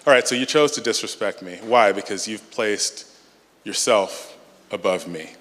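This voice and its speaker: Low-voiced man speaking in a reverberant hall. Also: a bit bright. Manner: measured, emphatic speaker. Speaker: conference speaker. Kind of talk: Q&A talk at a church conference. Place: large hall.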